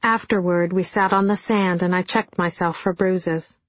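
A middle-aged woman narrating an audiobook in a dry, deadpan storytelling manner. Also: lowish voice, normal speed, dry recording. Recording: dull, dry studio sound.

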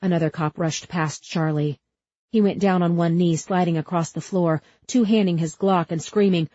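A woman narrates an audiobook in a measured, tense way, her voice low and husky. The recording is dry and a little dull. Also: fairly even intonation, mellow, no echo. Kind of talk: scripted narration.

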